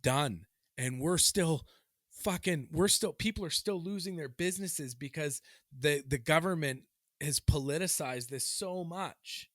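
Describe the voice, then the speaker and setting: A man's voice: on the high side, a little slow, dry recording, studio quality. A man co-hosting a podcast in casual chat, ranting with heat and plenty of swearing. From Canada. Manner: heated, swearing, animated ranting. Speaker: podcast co-host.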